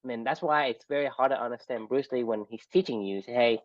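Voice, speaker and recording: Man, podcast co-host, relaxed and reflective, mid pitch, dry, a bit muffled. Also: fast, no room sound. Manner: reflective, chuckles often, uses filler like "you know". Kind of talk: casual chat.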